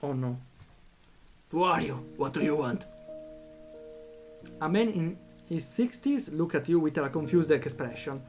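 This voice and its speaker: Male streamer, fairly high voice, reads the game aloud, chatty reactions. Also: a little slow, long pauses, faint music behind. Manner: animated, reacts out loud, thinks aloud with fillers. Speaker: streamer playing a story game. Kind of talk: reading a text game aloud with commentary.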